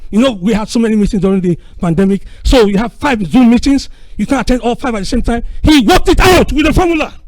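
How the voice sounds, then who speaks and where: A middle-aged man giving an impassioned, preacherly conference speech, swinging from booming to hushed. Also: expressive, fast, few pauses, low-quality recording. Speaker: speaker at a conference.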